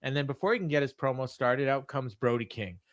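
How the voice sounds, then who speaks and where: A man's voice: medium pitch, fast talker, no room sound. A man co-hosting a wrestling podcast, recapping a show in casual chat and laughing often. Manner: storytelling with frequent laughs. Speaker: podcast co-host. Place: home studio on remote call.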